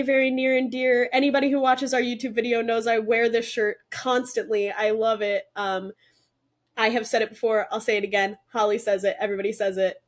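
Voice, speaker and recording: A young woman co-hosting a podcast in casual chat, excited and talkative with lots of fillers. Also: on the high side. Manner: excited, chatty, many fillers. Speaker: podcast co-host.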